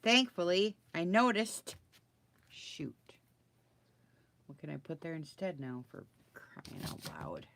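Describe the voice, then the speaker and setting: A woman's voice: deep voice, very animated, slow, gravelly, pauses often, a little mellow, a little hiss or hum. A woman crafter talking casually through her project, muttering to herself and getting flustered. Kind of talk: casual crafting video talk.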